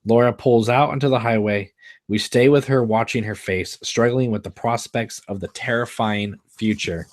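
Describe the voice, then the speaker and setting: A man hosting a show, reading out the stage directions of a screenplay live in a measured, flat manner. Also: medium pitch, no echo, clean studio sound. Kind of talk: live screenplay read-through.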